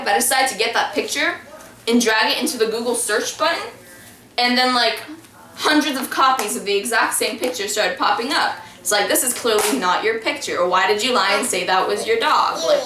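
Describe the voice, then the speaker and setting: Young woman, casual rambling storyteller, bright tone, distant roomy sound. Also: fairly high pitch. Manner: rambling, many restarts and fillers. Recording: echoey room, from far off.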